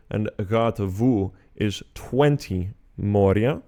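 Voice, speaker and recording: Chant teacher, male, calm methodical explainer, smooth resonant tone. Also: medium pitch, takes it slowly. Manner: patient, methodical explanation, breaking into sung syllables. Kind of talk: chant lesson, explaining and singing note names.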